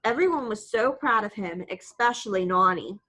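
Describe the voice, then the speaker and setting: A woman narrating a first-person audiobook in a plain, matter-of-fact way. Her voice sits at an ordinary middle pitch for a woman, and she tells the story at a steady pace. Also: moderate pace.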